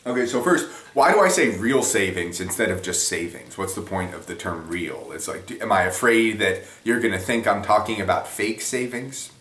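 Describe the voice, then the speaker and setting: A man with a low voice talks through basic economics in a loose, conversational way, wandering off on tangents and poking fun at himself. He sits well back from the microphone in an echoey room, so his voice sounds roomy and a little distant. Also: animated, moderate pace, few pauses, fairly bright tone. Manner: conversational, rambling, self-deprecating. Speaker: economics explainer. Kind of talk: casual spoken lesson.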